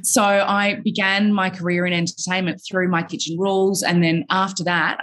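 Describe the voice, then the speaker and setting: An Australian woman in her thirties, a podcast guest talking about herself in a self-assured, tongue-in-cheek way. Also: low-pitched. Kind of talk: interview answers.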